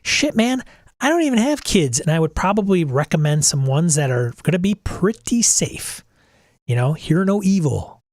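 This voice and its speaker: A man's voice: a little high, very animated, moderate pace, no room sound, clean studio sound. Blunt exasperated middle-aged man host. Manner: blunt, exasperated, swears casually. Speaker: podcast host. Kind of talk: casual livestream talk.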